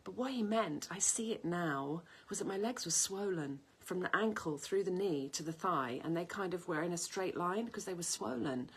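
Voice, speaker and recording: A woman's voice: lowish voice, moderate pace, few pauses, breathy edge. A woman in her fifties chatting casually to camera from her kitchen, rambling from one story to the next. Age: 50s. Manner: chatty storyteller, wanders off topic. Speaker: health and cooking vlogger. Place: home kitchen in the countryside.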